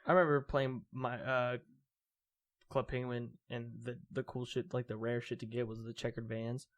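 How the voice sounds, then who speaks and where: A man's voice: medium pitch, flat delivery, moderate pace. A young man co-hosting a podcast in casual chat, rambling with many fillers and restarts. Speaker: podcast co-host.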